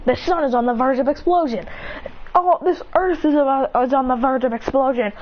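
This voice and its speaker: A woman's voice: high voice, brisk, dull audio. A woman doing an urgent disaster newscaster. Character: urgent news reporter announcing disaster.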